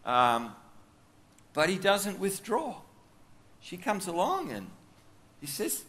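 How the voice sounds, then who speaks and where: An Australian man preaches in a loose, conversational way, stepping aside to chat with his listeners. His voice sits a little high and rises and falls freely. The tone is bright and forward. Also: wildly swooping pitch, takes it slowly. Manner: chatty, with frequent asides and fillers. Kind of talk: conversational sermon storytelling.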